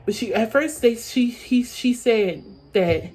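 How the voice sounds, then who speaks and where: A woman's voice: fairly high pitch, expressive, takes it slowly, a little mellow, slightly rough. A young adult woman telling a story-time vlog in a rambling way, repeating herself with many fillers. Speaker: vlogger.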